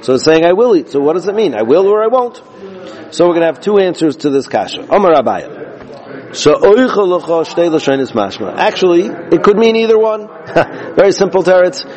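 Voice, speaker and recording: A man's voice: high-pitched, big pitch swings, a little fast, a little mellow, rough recording. Man patiently teaching a Talmud passage. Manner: explains step by step, mixes Aramaic and Hebrew phrases into English, repeats himself.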